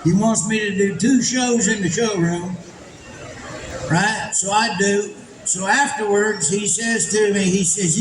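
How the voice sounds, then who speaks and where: Folksy stand-up comic in an echoey hall. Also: male voice, sits high, measured pace. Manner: drawling, folksy punchlines. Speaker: stand-up comedian. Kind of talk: live stand-up storytelling. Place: large indoor event venue. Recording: echoey venue with background noise.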